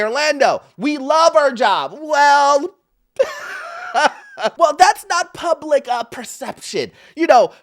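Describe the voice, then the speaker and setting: Animated man hosting a commentary channel. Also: high voice. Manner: animated, laughing, talks straight to viewers. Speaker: host. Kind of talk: commentary on social media clips.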